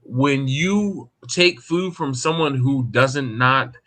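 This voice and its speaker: Bright, animated male storyteller. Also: mid-range voice, slow pace. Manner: animated, acts out the people in his stories; repeats and restarts words as he talks. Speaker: barbecue cook and show host. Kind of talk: casual storytelling on a live group call.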